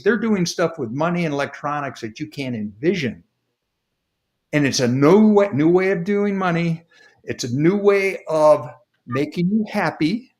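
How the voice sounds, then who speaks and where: A man speaking as a guest author on a video call, explaining ideas through folksy, homely examples. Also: on the high side. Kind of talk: casual explanatory talk.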